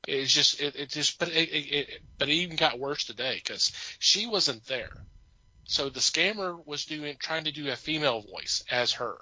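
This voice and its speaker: A man's voice: a little high, normal speed, pushed and bright, no room sound, highs cut off. A man co-hosting a podcast, telling a story in casual chat, amused and rambling with many restarts. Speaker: podcast co-host.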